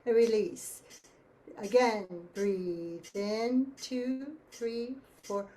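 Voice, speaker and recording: Female choir leader, fairly high voice, unhurried, counts beats through breathing drills. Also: dark tone, a little hiss or hum. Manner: slow, counting beats, instructive. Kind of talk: guided breathing warm-up. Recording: faint ticking metronome.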